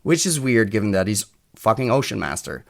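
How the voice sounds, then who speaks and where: A man's voice: on the low side, big pitch swings, a little fast, creaky. Rambling, profane European man chatting. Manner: rambling, profane, thinks aloud with restarts. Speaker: podcast co-host. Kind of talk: casual chat.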